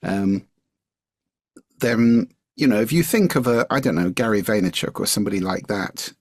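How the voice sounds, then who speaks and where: Gravelly, husky low-voiced man. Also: normal speed, dry recording, studio quality. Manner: demonstrative, varies pitch widely to illustrate. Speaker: guest speaking coach. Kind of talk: podcast interview.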